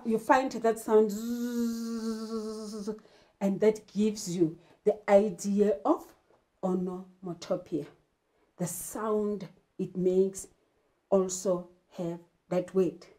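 A woman's voice: fairly high pitch, dark tone. A woman teacher from South Africa giving an English literature lesson, emphatic and asking rhetorical questions. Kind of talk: classroom lesson.

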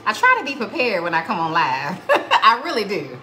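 Lady doing a live cooking demo at home, folksy, keeps saying honey, bright voice. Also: medium pitch, huge pitch swings, moderate pace, a little hiss or hum, poor audio. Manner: folksy, chatty, calls viewers honey and y'all. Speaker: cooking show host. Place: home kitchen.

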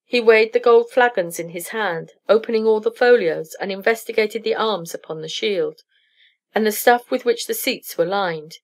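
Woman, story narrator, steady clear reading, middle pitch, English-learning audiobook. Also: moderate pace.

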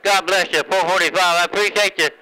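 A man's voice: high voice, steady tone, fast, bright, forceful tone, poor audio. A man chatting easygoingly on a CB radio channel, trading call signs and radio talk. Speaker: CB radio operator. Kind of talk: CB radio chat. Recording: radio transmission.

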